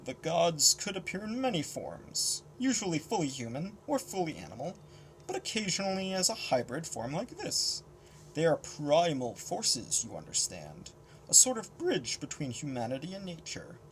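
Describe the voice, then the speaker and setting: A man reading the lines of a calm, learned older male mentor in a measured, explanatory way. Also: a little high, slight background noise, poor audio. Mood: explaining. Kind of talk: audiobook character reading.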